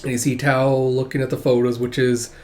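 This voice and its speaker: A man casually reading through a manga chapter, chatty and animated in his reactions. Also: medium pitch, brisk. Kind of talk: casual manga read-along commentary.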